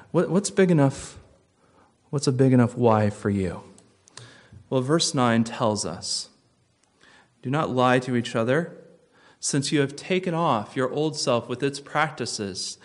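A pastor delivering a sermon in a mid-pitched voice. He tells stories quietly, almost hushed at times, then rises with emphatic stress on key points. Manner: storytelling, dropping to a hush for tense moments and rising for emphasis.

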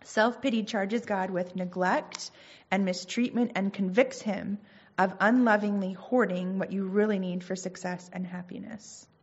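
A woman's voice: mid-range voice, fairly even intonation, a little slow, husky, dull audio. A woman giving an earnest, conversational Christian teaching, with casual asides between points. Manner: earnest, conversational, reads scripture aloud.

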